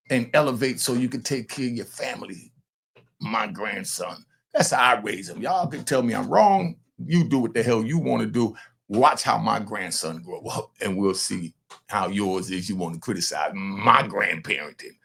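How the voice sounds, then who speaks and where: Gravelly older man, animated commentator. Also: medium pitch, normal speed. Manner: animated, talks straight to viewers, breaks off to scold his grandson. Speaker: commentator host. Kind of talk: casual commentary.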